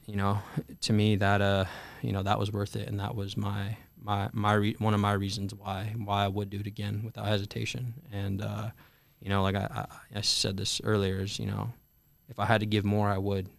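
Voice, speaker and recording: Gravelly low-voiced young man, candid. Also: completely flat delivery, no room sound. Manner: candid, profane, halting with many fillers. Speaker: guest, Marine veteran. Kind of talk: conversational storytelling interview.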